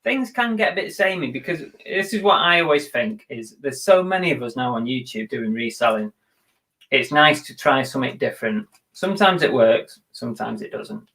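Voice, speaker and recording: A man's voice: mid-range voice, animated, moderate pace, creaky, bright, forceful tone. A man co-hosting a live reselling show, chatting casually and poking fun at himself, swearing now and then. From England. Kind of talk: casual chat on a live stream.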